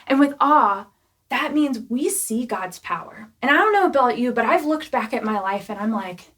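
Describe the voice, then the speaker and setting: A young woman preaching a casual youth sermon, chatty and animated, full of "like" and "right?" asides. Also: fairly high pitch, normal speed. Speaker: youth pastor.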